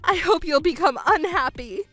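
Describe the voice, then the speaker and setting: A woman's voice: animated, normal speed, fairly bright tone, faint music behind. A woman voicing a selfish, whiny middle-aged stepmother who pleads and complains in a texting story. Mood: resentful. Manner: shrill, pleading and self-pitying.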